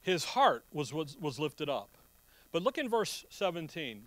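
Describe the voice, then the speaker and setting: A middle-aged man preaching a sermon, emphatic, quizzing his listeners and reading scripture slowly and loudly. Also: on the high side, big pitch swings, dry recording. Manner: emphatic, asks the audience questions.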